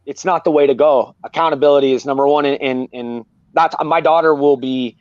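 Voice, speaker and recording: A man's voice: on the high side, fairly even intonation, a little fast, no room sound, lo-fi sound. A man talking candidly and earnestly as a guest, rambling and repeating himself. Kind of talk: candid personal talk.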